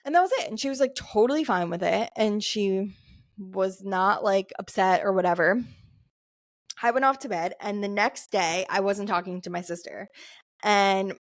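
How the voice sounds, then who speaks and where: A woman's voice: mid-range voice, moderate pace, no room sound, clean studio sound. Chatty young woman telling a story. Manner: chatty, lots of "like" fillers, laughs often. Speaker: podcast co-host. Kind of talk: casual storytelling chat.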